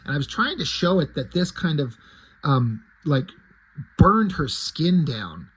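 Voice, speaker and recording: A man's voice: a little high, very animated, unhurried, a bit bright, husky. A man casually retelling his own comic story in a conversational way, with fillers.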